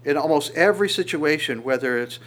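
A man preaching a sermon in an animated way, often repeating words and acting out quoted lines, with an occasional chuckle. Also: fairly high pitch, fairly quick. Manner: chuckles now and then.

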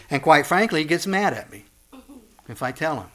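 Impassioned man preaching, higher voice. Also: very animated, moderate pace, pauses often. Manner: impassioned, voice climbing high and loud on warnings then dropping low and soft. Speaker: pastor. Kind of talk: sermon with scripture reading.

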